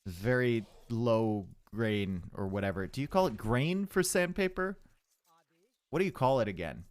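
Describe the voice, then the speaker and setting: A man's voice: mid-range voice, dry recording, clean studio sound. A man giving casual live commentary on a strategy game, chatty and joking with his viewers from a home streaming setup. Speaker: esports caster.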